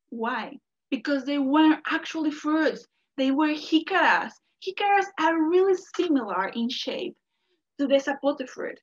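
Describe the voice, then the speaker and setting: A woman from Mexico, a native Spanish speaker, telling a folk tale expressively and asking the listeners questions. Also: high voice. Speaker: storyteller. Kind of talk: animated storytelling to an audience. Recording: dull lo-fi recording.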